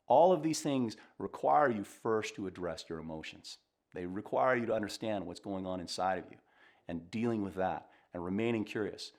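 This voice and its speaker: A middle-aged man, a communication coach, giving earnest, reflective advice straight to camera in a calm way. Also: fairly low pitch, moderate pace.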